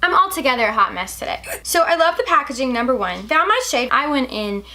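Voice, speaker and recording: Hiccuping young woman vlogger, gushing and chatty, a little high-pitched. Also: big pitch swings, fast talker, bright, forceful tone. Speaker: beauty vlogger. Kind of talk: casual product review.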